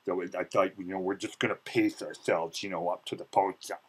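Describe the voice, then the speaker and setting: A man telling a comic story as a vlogger, boastful and theatrical, his pitch jumping sharply when he gets excited. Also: fairly quick, breathy edge, rough recording. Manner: boastful, self-mocking, many "you know" fillers.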